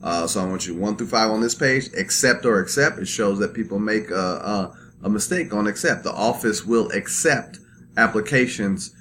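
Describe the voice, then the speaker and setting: Low-voiced man lecturing with lots of fillers. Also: moderate pace, fairly bright tone, slight background noise. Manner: loose, conversational, many fillers and "right?" checks. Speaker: instructor. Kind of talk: recorded lecture over slides.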